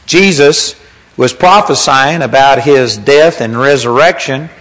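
A man's voice: medium pitch, measured pace, a bit bright, poor audio. A man preaching a sermon in a conversational teaching manner, reading scripture aloud as he goes.

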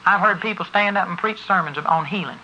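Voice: medium pitch, fairly quick, bright, forceful tone, slight background noise. A preacher giving an emphatic sermon to a congregation that answers back, driving points home and spelling words out for stress. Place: church service before a congregation. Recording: dull lo-fi recording.

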